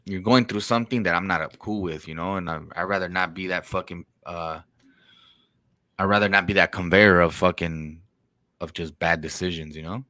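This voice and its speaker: A man's voice: low voice, steady tone, moderate pace, sharp tone, no echo. A man hosting a podcast in casual chat, telling stories in slang and swearing, and acting out quotes. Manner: slangy, profane storytelling with acted-out quotes. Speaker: podcast host.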